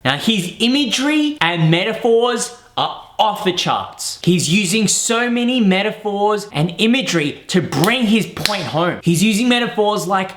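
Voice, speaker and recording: A man coaching public speakers walks through a famous speech with upbeat enthusiasm. His voice sits high for a man, and the room adds a noticeable echo. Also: animated, a little slow, hardly any pauses, fairly bright tone. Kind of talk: speech analysis commentary. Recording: roomy echo.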